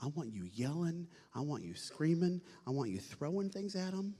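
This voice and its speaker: A man emceeing a banquet, joking with the audience and shouting playful announcer calls. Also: fairly high pitch, sing-song, normal speed, a little hiss or hum. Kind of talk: hyping up a live audience. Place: large banquet hall. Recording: echoey hall.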